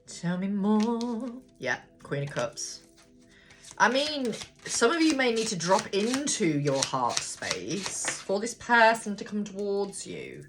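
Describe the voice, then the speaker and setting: A woman's voice: mid-range voice, sing-song, slow, over music. A woman giving a casual tarot card reading, thinking aloud, talking straight to viewers and swearing freely. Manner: chatty, blunt, swears freely. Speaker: tarot reader.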